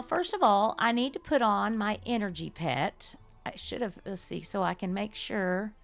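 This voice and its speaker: An older woman, chatting effusively and laughing often as she streams a game live and thanks her viewers. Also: mid-range voice. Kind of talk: live-stream chat while playing.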